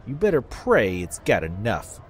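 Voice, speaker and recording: A man's voice: lowish voice, huge pitch swings, normal speed, slight background noise. A man voicing a menacing male street thug who sneers and threatens.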